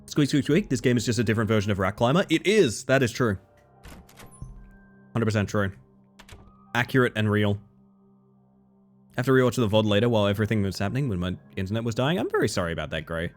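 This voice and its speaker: Animated streamer man chatting with his viewers. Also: quick pace, pauses often, faint music behind. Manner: animated, swings into high squeals and laughs; chatty, thanks viewers warmly. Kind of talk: casual live-stream chat.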